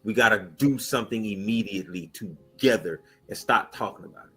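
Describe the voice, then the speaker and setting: A man's voice: on the low side, a little fast, husky, rough recording. A male co-host on a talk show, speaking emphatically with punchy repeated phrases and pointed questions. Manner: emphatic, punchy, calls for action. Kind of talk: impassioned talk show commentary. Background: soft music bed.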